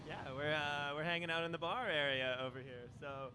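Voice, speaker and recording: A man asking quick playful questions from a bar area at an event. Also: on the high side, pushed and bright, a little hiss or hum. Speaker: interviewer. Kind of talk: rapid-fire questions.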